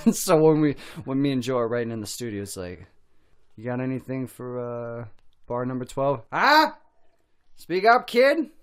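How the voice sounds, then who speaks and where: A man's voice: medium pitch, steady tone, moderate pace, warm tone, smooth. A man guesting on a podcast, chatting casually with a lot of swearing, crude jokes and frequent laughs. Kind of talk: casual profane chat.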